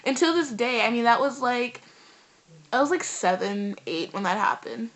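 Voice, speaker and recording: A teenage girl, telling a story in a casual vlog in an animated, rambling way full of fillers. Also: on the high side, normal speed. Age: teens. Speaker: vlogger.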